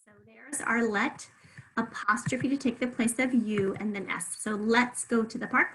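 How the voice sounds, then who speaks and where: A woman's voice: fairly high pitch, normal speed, fairly bright tone, a little hiss or hum, rough recording. A woman teaching a spelling lesson, patiently sounding words out syllable by syllable and encouraging the listener.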